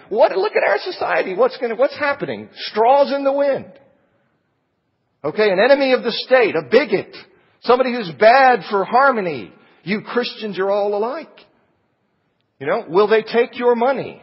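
A man with a husky, fairly high voice teaches a Bible lesson like a sermon. He presses his points with rhetorical questions. The recording is dull and muffled, with a long reverb trailing off the hall walls. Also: sing-song, normal speed. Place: church auditorium.

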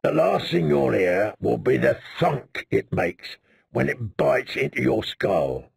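A man voicing a bitter, cruel bully who sneers slowly and menacingly. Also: medium pitch, sing-song, creaky, husky, no echo, exaggerated voice. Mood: sneering.

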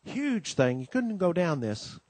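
A somewhat high-voiced, slightly mellow man opens a Christian conference gathering with a sing-song, measured welcome, recorded close and dry with no room sound. His delivery is homespun storytelling, peppered with "you know"s and acted-out voices.

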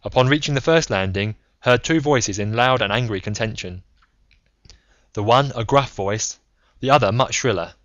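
A man's voice: medium pitch, normal speed, fairly bright tone, no echo. Man reading an audiobook, dry and muffled. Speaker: audiobook narrator. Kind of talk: scripted narration. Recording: slightly muffled lo-fi recording.

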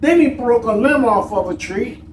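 A man's voice: very high-pitched, moderate pace. A man co-hosting a vlog, chatting casually and acting out the people in his stories. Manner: animated, acts out quoted people. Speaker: vlog co-host. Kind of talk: casual storytelling chat. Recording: echoey room, mic at a distance, faint noise.

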